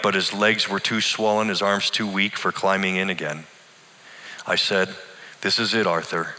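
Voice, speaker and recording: A middle-aged male pastor tells a personal story in a sermon style, earnest and deliberate. His voice sits fairly low but comes across bright and forceful. A long reverb from a large hall hangs after his words.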